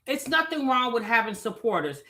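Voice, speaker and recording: A woman's voice: on the high side, big pitch swings, normal speed, bright, forceful tone. A woman hosting a commentary show, talking bluntly and casually in slangy chat about online drama.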